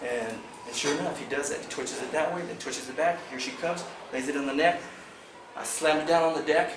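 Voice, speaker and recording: A man's voice: fairly high pitch, fairly quick. A man telling a fishing tournament story at a club meeting, acting out the quotes with animation. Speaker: fishing team member recapping a tournament. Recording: echoey room from far off, noisy.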